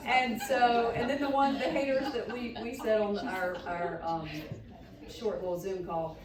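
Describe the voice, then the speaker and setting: A woman moderating a casual panel discussion, chatty and quick to laugh as she tells stories. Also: on the high side, steady tone, crowd noise. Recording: echoey hall from far off.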